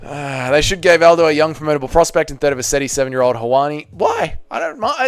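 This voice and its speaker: A man hosting a live fight watch party, giving blunt, excitable casual commentary, swearing freely and reading chat. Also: fairly high pitch, quick pace, hardly any pauses, smooth, no room sound, faint music behind.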